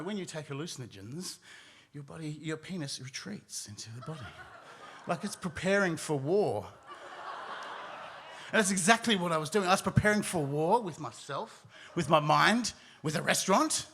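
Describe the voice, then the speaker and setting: Bright-voiced man telling a story. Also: high voice, a little hiss or hum. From Australia. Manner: animated, acts out his own panicked voice. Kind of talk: live storytelling on stage. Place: live stage in a hall.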